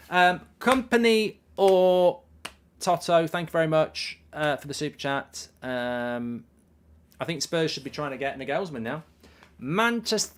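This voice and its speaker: A man hosting a live football watchalong, chatting casually, telling stories and reading out viewer messages with swearing and lively asides. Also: medium pitch. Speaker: live stream host reading super chats.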